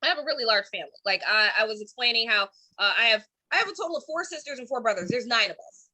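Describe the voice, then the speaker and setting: A woman comedian in her thirties from Cleveland, telling stand-up stories online with animated voiced quotes. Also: fairly high pitch, quick pace. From Cleveland, Ohio. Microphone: streaming from home.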